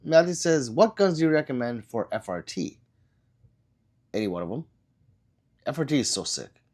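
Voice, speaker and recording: Hosting a casual livestream while sick and coughing, a man reads out viewer comments and responds loosely, rambling with plenty of fillers. His voice is mid-range, sing-song and darkish, at a moderate pace.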